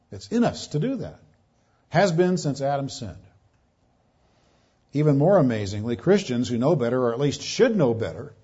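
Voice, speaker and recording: A man's voice: medium pitch, warm tone, husky. A man preaching an expository sermon, emphatic and repeating his key phrases, on a dull lo-fi recording. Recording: dull lo-fi sound.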